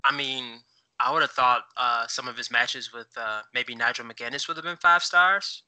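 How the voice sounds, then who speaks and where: A man co-hosts a podcast in casual chat, his mid-range voice pushed and bright at normal speed. He rambles with many fillers while looking things up, and the recording is low quality.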